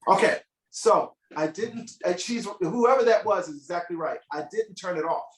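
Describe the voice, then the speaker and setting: Playful high man, echoey distant audio. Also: moderate pace. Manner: playful and expressive, acts out scenes and asks the audience questions. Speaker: musician teaching kids. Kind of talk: animated storytelling workshop. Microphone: video call. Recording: echoey room audio from far off. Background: piano music.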